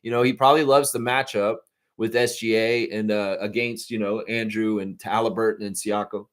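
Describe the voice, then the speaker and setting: A man's voice: on the low side, flat delivery, normal speed. A man hosting a live fan stream, reading chat and ranting with heavy swearing. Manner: fired-up, profane ranting that swings loud. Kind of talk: casual fan reaction stream.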